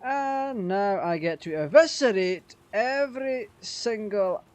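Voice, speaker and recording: A man casually commenting on his racing game, sweary and quick to rage at the game. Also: sits high, lively intonation, darkish tone. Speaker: gaming channel host.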